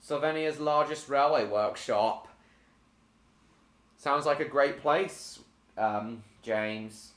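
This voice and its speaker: A man's voice: mid-range voice, slow, long pauses, a bit bright, echoey room. A man chatting casually on a live stream while gaming, answering viewers by name with many hesitant ums.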